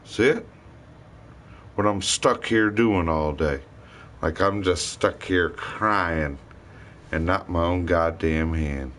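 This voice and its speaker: A man's voice: low voice, slow, pauses often, fairly bright tone, a little hiss or hum. A man ranting bitterly to his live stream, full of cursing and rambling complaints.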